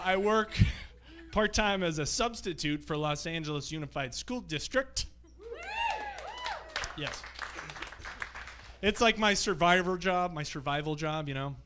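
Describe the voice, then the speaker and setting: A man's voice: a little high, pushed and bright, a little hiss or hum. A man performing a live stand-up set on a comedy club stage, telling loose, rambling stories full of profanity.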